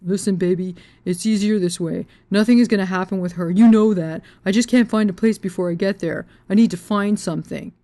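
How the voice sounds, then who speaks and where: A man's voice: sits high, steady tone, brisk, few pauses, mellow. A woman voicing a defensive adult male boyfriend who hedges and stalls with fillers. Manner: hesitant, hedging with fillers.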